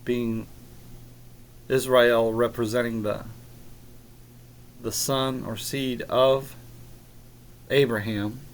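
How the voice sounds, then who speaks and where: A man giving a rambling, halting monologue on scripture, arguing with critics he addresses directly. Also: medium pitch, level tone. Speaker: religious video maker.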